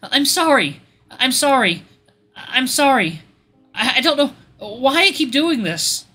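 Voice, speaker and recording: A man voicing a drunk male hyena who sobs and apologizes, his voice high and breaking between giggles. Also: sing-song, slow pace, bright, forceful tone, slightly rough, faint music behind, full character voice. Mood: sobbing apology.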